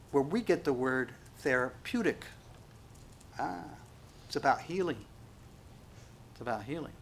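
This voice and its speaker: A man's voice: medium pitch, fairly bright tone, slight background noise. A male pastor preaching a sermon, stressing key words and asking rhetorical questions. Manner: rising and falling emphasis, rhetorical questions.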